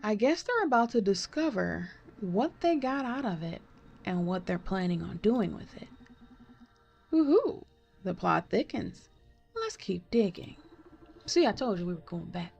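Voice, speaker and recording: A woman playing a game for the first time, reacting excitedly and reading dialogue aloud between her comments. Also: medium pitch, normal speed, vocal fry, husky, dull audio, soft background music. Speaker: gaming video creator. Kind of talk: let's play commentary.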